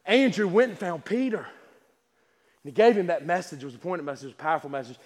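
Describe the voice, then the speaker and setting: A male preacher delivering a sermon with a strikingly high voice, folksy and emphatic, often restarting his sentences. His words echo with a long reverb through a church hall. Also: fast talker, darkish tone. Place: church sanctuary.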